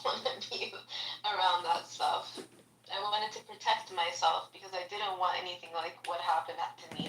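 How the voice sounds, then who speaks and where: A woman's voice: mid-range voice, background noise. A woman co-hosting a podcast in casual chat, often laughing as she talks. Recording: echoey room, far from mic.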